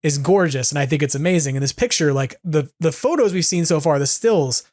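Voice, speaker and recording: A man's voice: fairly high pitch, lively intonation, fairly quick, a little mellow, no echo, clean studio sound. A man hosting a podcast, chatting casually and enthusiastically, rambling with lots of "like"s. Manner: enthusiastic, rambling, heavy use of "like". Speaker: podcast host. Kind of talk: casual fan chat.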